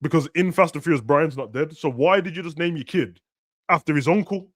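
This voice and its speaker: Young guy chatting over a match, rants and yells sometimes, dry close sound. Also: on the high side, fairly quick, no echo. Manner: ranting, slangy, bursts of shouting. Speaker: streamer hosting a football watch-along. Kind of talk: casual chat over a live match.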